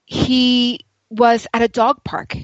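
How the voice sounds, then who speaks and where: A woman guest telling a personal story in casual conversation. She talks in an animated way and acts out the dialogue she quotes. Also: fairly high pitch, slow pace, no echo. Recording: dry, dull lo-fi sound.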